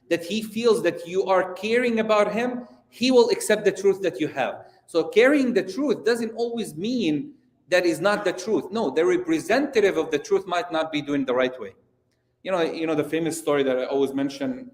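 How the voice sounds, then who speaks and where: Male imam, lively storytelling lesson, slightly high voice, echoey hall. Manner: animated, storytelling, asks the audience questions. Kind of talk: religious lesson. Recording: roomy echo.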